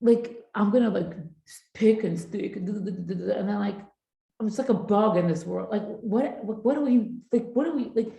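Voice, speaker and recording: A woman's voice: mid-range voice, a little fast, creaky, dark tone, reverberant, rough recording. A middle-aged woman teaching a parenting class in a chatty, informal way, mixing Hebrew and Yiddish terms into her talk.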